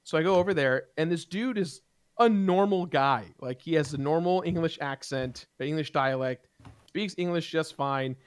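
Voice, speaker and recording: A man casually telling a heated personal story to friends, animated and profane, with rambling restarts. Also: fairly high pitch, normal speed, clear, resonant tone, dry recording. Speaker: gaming show regular.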